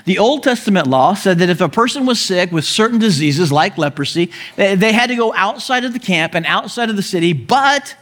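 A male pastor preaches with a high, light voice. He tells the story with animated energy, slips into character voices and chuckles along the way. His delivery swings from lively to hushed. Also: a little fast, hardly any pauses. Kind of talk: sermon.

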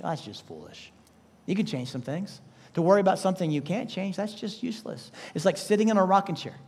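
This male pastor's voice is a little high and husky. He delivers his sermon forcefully, firing off rhetorical questions and shifting between booming moments and quiet asides.

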